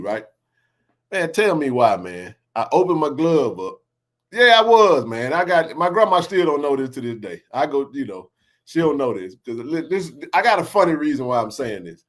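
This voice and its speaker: A man in his forties with a slightly high voice hosts a sports podcast, speaking at a moderate pace. He's an animated storyteller, laughing and using slang as he shares neighborhood tales in casual chat.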